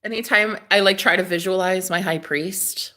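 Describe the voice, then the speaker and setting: Bright-voiced gushing woman streamer. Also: mid-range voice, normal speed. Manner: dramatic, gushing, swings between loud exclamations and hushed asides. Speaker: live streamer. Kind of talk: casual live-stream chat.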